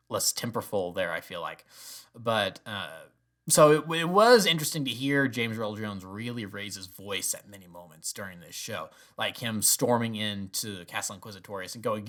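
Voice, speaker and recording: A young man giving a casual spoken review, animated and rambling, often restarting his sentences. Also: on the low side, normal speed. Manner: acts out quoted lines in bursts. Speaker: video reviewer.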